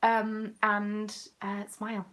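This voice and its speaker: A woman's voice: mid-range voice, monotone, slow, a bit bright. A woman in her twenties with a Southern English accent, chatting casually while she knits and answers comments from viewers, self-mocking in tone. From southern England. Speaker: craft vlogger. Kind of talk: casual chat while knitting.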